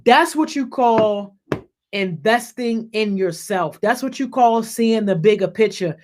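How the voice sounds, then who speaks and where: An energetic youth leader talks loosely to the group, dropping "yo" into nearly every sentence and circling back over the same words. The voice sits at a middling pitch. It jumps up in pitch and volume when someone is called out by name. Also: unhurried. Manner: peppers speech with "yo", repeats and restarts phrases. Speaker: youth program leader hosting a group call. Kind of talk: casual shout-outs and encouragement.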